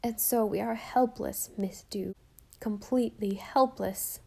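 A woman's voice: a little high, steady tone, measured pace, creaky, a little mellow, breathy edge, full character voice. A woman voicing an earnest, fretful housekeeper in an audiobook, talking in a solemn, imploring, dramatic way. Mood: solemn complaint. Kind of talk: audiobook character voice.

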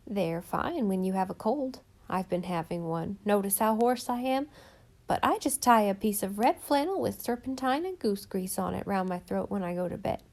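A talkative old country widow, as a woman reads her part, her voice a little hoarse from a cold. She rambles on in homespun grammar, kindly and eager for company, like a character in a storybook read aloud. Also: medium pitch, expressive, normal speed, darkish tone, lightly acted. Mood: folksy chatter. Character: chatty lonely old countrywoman, folksy and kindly.

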